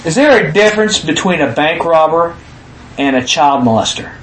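A man preaching a sermon in an animated way, acting out quotes with sudden shouts. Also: a little high, moderate pace, roomy sound, slight background noise.

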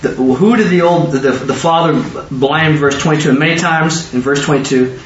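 A man's voice: a little high, a little hiss or hum. A man teaching a Bible study sermon, firing questions at listeners and waiting for their answers. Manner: quizzes listeners with rapid questions. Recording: echoey dull room recording from far off.

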